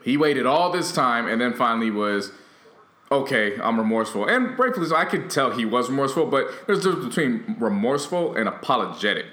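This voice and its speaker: A man co-hosting a podcast in casual chat, laying out his opinions with steady reasoning. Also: medium pitch, fast, few pauses, echoey room. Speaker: podcast co-host.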